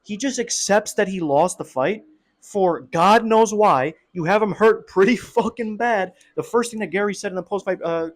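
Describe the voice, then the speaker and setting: A young man giving a casual, excitable fight breakdown, full of slang and swearing. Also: high voice, moderate pace. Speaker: MMA commentator.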